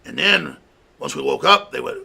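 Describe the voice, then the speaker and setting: A man's voice: fairly high pitch, moderate pace, creaky, pushed and bright, slightly rough. A man hosting a talk show, delivering an angry political rant and mocking opponents. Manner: ranting, mocking, mimics opponents in a raised voice.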